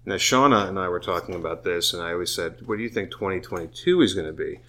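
A man's voice: sits low, fast talker, pushed and bright. A man chatting casually, tipsy and profane, rambling with restarts. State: drunk. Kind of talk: casual chat.

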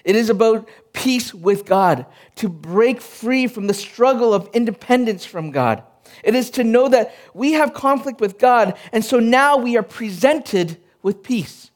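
Earnest high-voiced male pastor. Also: animated, unhurried. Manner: earnest, personal storytelling with frequent restarts. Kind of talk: sermon.

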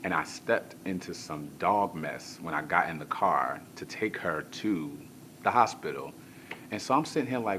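A male pastor telling a comic personal story in a sermon, animated, moving from hushed to shouting, with colloquial asides to the crowd. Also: sits low, normal speed, slight background noise.

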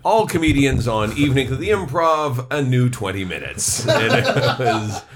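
Podcast guest, male, lively swinging pitch, wry riffing storyteller, faint hiss and clicks. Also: normal speed. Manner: wry storyteller, riffs with comic asides. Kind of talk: casual chat.

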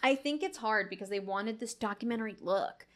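This woman talks about a film in a loose, chatty way. She laughs often and acts out lines from it. Her voice sits fairly high. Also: brisk, a bit bright. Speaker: podcast co-host. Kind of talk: casual movie review chat.

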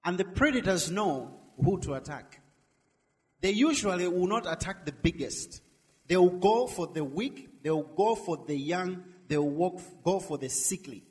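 A middle-aged male minister preaching a sermon, swinging between loud emphatic lines and soft drawn-out words. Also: high voice, expressive, in a large hall.

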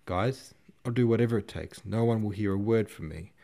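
A man's voice: on the low side, fairly even intonation, normal speed, darkish tone, close to an everyday voice. A man voicing a proud young officer who stammers and pleads. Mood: imploring. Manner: stammering, imploring. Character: proud young male count, flustered.

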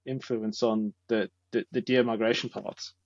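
A man's voice: on the low side, fairly even intonation, measured pace, no echo, highs cut off. A man explaining earnestly, repeating words as he thinks. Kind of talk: casual explanation.

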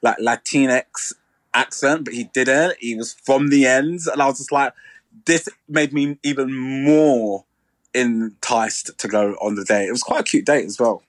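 A man, co-hosting a podcast in a chatty, animated way. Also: mid-range voice, a little slow, no room sound. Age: 30s. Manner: chatty, animated, playful mimicry. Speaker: podcast co-host. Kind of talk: casual chat.

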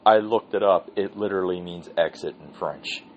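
A man's voice: low voice, moderate pace, dull audio, slight background noise. A man hosting his own podcast, telling a rambling, profane story in a casual solo monologue. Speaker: podcast host.

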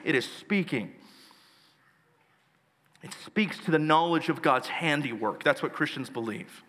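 Man, pastor, sermon, earnest storytelling, bright tone, church hall reverb. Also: on the high side, lively intonation. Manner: earnest storytelling, reads scripture slowly with emphasis.

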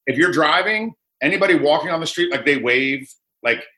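A man in casual podcast chat, halting and restarting with many fillers. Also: fairly high pitch, animated, sharp tone.

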